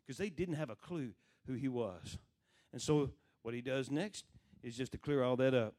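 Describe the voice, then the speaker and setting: A man's voice: medium pitch, normal speed, darkish tone. A man preaching a sermon in a conversational way, asking the congregation questions and acting out the voices he quotes.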